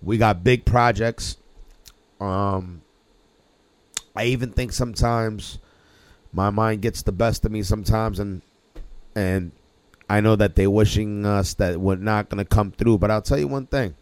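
A man's voice: fairly low pitch, fairly even intonation, measured pace, long pauses, no echo. A man hosting a casual podcast chat, rambling with many restarts and chuckles. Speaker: podcast host.

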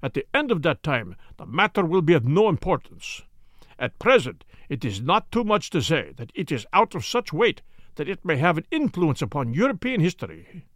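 A man's voice: fairly high pitch, huge pitch swings, normal speed, fairly bright tone, no echo, clean studio sound, full character voice. A man reading the part of a proud foreign king who speaks formally. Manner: formal, stately speech. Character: proud, agitated foreign king, tall and grand.

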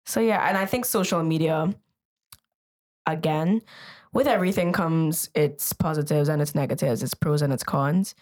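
A woman's voice: sits low, moderate pace, darkish tone. A woman co-hosting a podcast in a casual, enthusiastic chat, full of upbeat slang. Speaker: podcast co-host.

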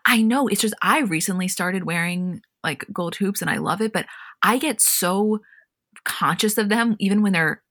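A woman co-hosting a podcast, recapping a reality show in casual chat and retelling scenes with animated storytelling. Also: mid-range voice, normal speed, dry recording, studio quality. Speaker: podcast co-host.

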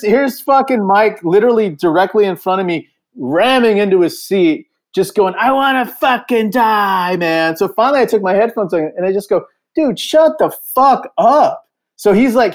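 A man's voice: high-pitched, moderate pace, few pauses, darkish tone. A middle-aged man, a touring musician, casually telling a profane road story and acting out the quotes. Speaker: guest musician.

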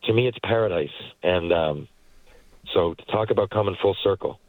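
Low-voiced man telling stories. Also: moderate pace, no echo, low-quality recording. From Newfoundland, Canada. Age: 40s. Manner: rambling, animated anecdotes with frequent asides. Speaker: guest, former hockey player and actor. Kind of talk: casual storytelling interview. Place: parked car.

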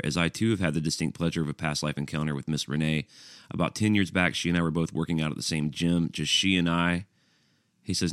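Deep-voiced man reading listener mail. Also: no echo, studio quality. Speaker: podcast host. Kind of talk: reading listener emails aloud.

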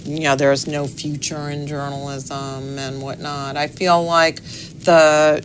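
A middle-aged woman, a newspaper's executive editor, answering interview questions in a measured, thoughtful way with pauses and fillers. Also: low-pitched, flat delivery, soft background music.

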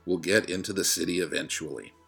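A man's voice: deep voice, quick pace, vocal fry, fairly bright tone, breathy edge, faint music behind, exaggerated voice. A man voicing a callous, dismissive teenage son in an audiobook reading.

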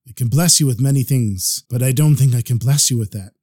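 A storyteller lending his voice to a kindly old holy man who gives blessings softly and with calm trust. The voice is warm and low-lit, heard up close with no room around it, like a storybook figure. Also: a little fast, slightly rough, no room sound, lightly acted. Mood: gentle. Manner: tender, blessing-giving, serene.

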